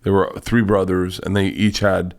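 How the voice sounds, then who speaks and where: A guest comedian with a deep, gravelly voice tells a rambling, profane story during casual chat. He restarts quickly and retells events with lively energy.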